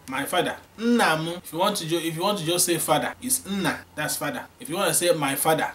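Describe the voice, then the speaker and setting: Male language teacher, slightly raised pitch, patient drilling; faint background noise. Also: a bit bright. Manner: repeats words slowly for learners to echo. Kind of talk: spoken language lesson.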